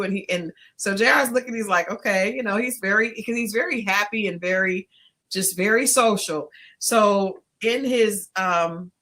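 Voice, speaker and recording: Co-hosting a casual podcast, a woman tells a story with animation, laughing often and acting out what people said. She speaks at a medium pitch and a normal speed.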